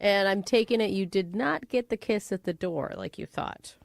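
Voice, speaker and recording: A woman co-hosting a radio show, firing off quick quips and nosy questions. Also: mid-range voice, vocal fry, dry recording. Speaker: radio co-host. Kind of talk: morning radio banter.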